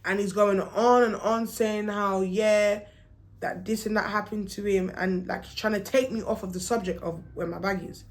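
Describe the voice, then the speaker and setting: Young woman, casual storytime vlog, animated, slangy, plays out the dialogue. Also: medium pitch, normal speed.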